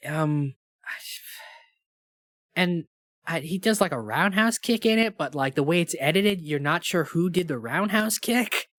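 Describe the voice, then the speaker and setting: A young man co-hosting a movie podcast, talking casually with lots of "like" and getting animated when he rants. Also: fairly high pitch, measured pace, dry recording, clean studio sound. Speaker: podcast co-host. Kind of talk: casual movie review chat.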